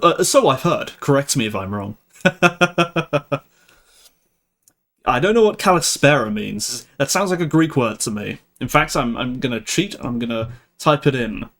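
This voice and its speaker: A man's voice: mid-range voice, lively intonation, a little slow, fairly bright tone. A young man hosting a live stream, chatting casually with viewers, laughing often and restarting his sentences. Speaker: livestream host.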